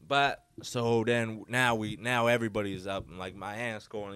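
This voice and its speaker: A man hosting a solo podcast, telling a story in a rambling, animated way full of "like.". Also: on the low side, moderate pace, clean tone, dry recording. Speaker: podcast host. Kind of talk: casual storytelling.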